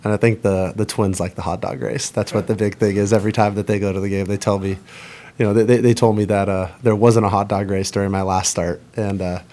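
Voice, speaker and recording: A man in his thirties, a baseball pitcher, answering press conference questions in a rambling, halting way with many fillers. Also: fairly even intonation, mellow.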